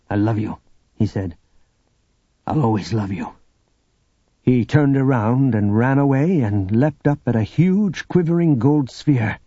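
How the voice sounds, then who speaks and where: A man narrating an audiobook in a steady, expressive storytelling manner. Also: mid-range voice, husky, dry recording. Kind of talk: scripted narration. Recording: dull lo-fi audio with music.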